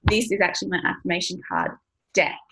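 A woman's voice: fairly low pitch, very animated, brisk, pushed and bright, low-quality recording. A woman in her thirties, talking casually to camera as a money mindset coach, chatty, laughing often and swearing now and then.

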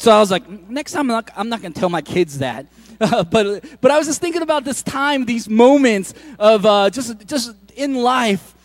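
High-voiced man preaching a casual sermon. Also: dry recording. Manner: conversational, joking asides with frequent restarts. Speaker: pastor. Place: church.

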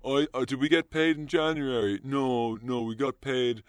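A comedian doing a low, mumbling young office worker making monotone small talk. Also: male voice, moderate pace, dry recording, lightly acted. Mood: bored.

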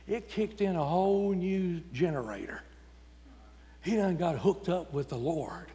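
A man's voice: a little high, darkish tone. Preacher man, folksy and fired up, voice ringing through a big church. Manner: folksy, emphatic, storytelling. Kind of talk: sermon. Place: church sanctuary. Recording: long church reverb.

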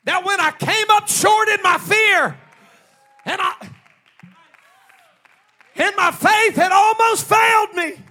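Shouting high-voiced male preacher. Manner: emphatic, shouted preaching with slow drawn-out refrains. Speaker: pastor. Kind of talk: sermon. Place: church service with congregation.

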